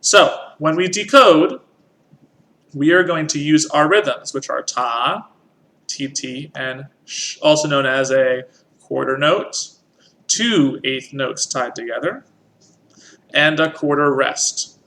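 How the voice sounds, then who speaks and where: A man's voice: fairly high pitch, takes it slowly, bright, forceful tone. A man teaching a music lesson, patiently explaining rhythm and counting in. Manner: patient, counts in and sings along.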